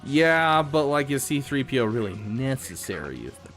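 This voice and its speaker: A man's voice: mid-range voice, very animated, normal speed, a bit bright, faint music behind. A man casually commenting on a live stream, thinking aloud with frequent fillers. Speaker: streamer reviewing game accounts.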